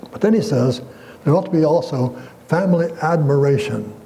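A man's voice: a little high, moderate pace, creaky, warm tone, a little hiss or hum, low-quality recording. A man preaching a sermon as pastor, earnest and emphatic, quoting scripture and asking the congregation questions.

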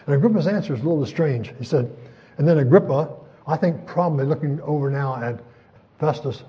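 An older man preaches a sermon with a slightly high voice and a folksy, chuckling delivery. He slips into little acted voices for the people in his text. The recording is dull and lo-fi. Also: a little fast.

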